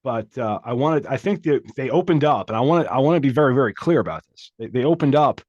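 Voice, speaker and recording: A man co-hosting a comedy podcast, talking in a halting, mock-serious way with lots of restarts. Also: mid-range voice, lively intonation, a little mellow, no echo, lo-fi sound. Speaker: podcast co-host. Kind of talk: casual comedic banter.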